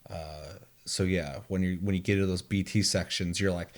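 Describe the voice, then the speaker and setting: Animated, swearing male gamer. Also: low-pitched, moderate pace. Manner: animated, profane storytelling with imitated game sounds. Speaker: podcast co-host. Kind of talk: casual gaming chat.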